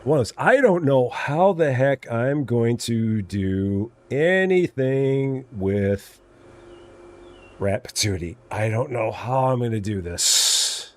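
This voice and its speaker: Male streamer, casual and playful, animated pitch, mid-range voice. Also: slow pace. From Illinois. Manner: playful, chatty, answers chat. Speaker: live-stream gamer host. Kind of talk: casual live-stream chat.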